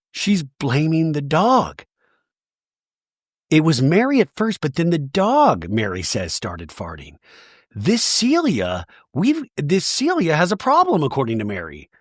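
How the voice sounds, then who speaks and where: A man's voice: a little high, unhurried, no room sound, clean studio sound. A man hosting a podcast, recapping a reality show in a chatty, gossipy, comedic way. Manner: animated, chatty, gossipy storytelling. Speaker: podcast host.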